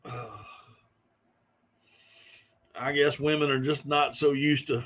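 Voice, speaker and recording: A man's voice: medium pitch, level tone, moderate pace, few pauses, fairly bright tone. A middle-aged man, hosting a casual live stream and telling rambling stories to his viewers with frequent chuckles. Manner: rambling storyteller, chuckling often.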